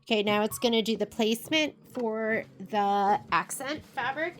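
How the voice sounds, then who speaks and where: A woman with a fairly high pitch, speaking at normal speed, teaches sewing and embroidery in a casual step-by-step tutorial. Chatty and working as she talks, she speaks directly to viewers. She's in a sewing shop's sewing room, and faint machine noise can be heard behind her.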